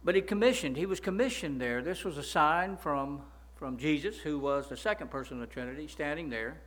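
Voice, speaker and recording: Emphatic higher-voiced male preacher. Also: expressive, brisk, fairly bright tone. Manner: emphatic, repeats words, asks listeners "right?". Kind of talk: sermon.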